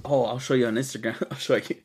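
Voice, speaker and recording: A man's voice: medium pitch, fairly even intonation, fast, darkish tone, breathy edge. A young man hosting a casual podcast, talking loosely and animatedly and swearing freely, calling his co-host dude and bro. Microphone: podcast studio mic.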